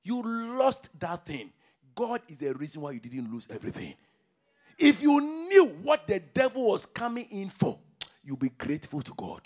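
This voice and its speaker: A man preaching a sermon as pastor, with fervent call-and-response delivery that swings between shouted declarations and low murmurs. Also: sing-song, moderate pace.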